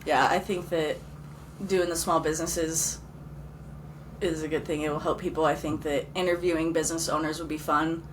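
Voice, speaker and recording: A woman's voice: low-pitched, level tone, moderate pace. A young woman co-hosting a casual podcast with her brother, self-conscious and giggly, a little twitchy. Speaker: podcast co-host. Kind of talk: casual chat. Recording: faint background noise.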